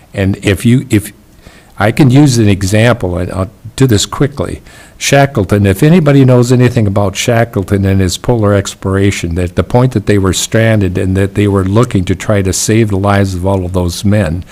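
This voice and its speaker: A county commissioner, a man, speaks in a fairly low voice. He talks slowly and haltingly, restarting phrases as he reasons aloud at a public meeting. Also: a little mellow. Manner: slow, halting, thinking aloud.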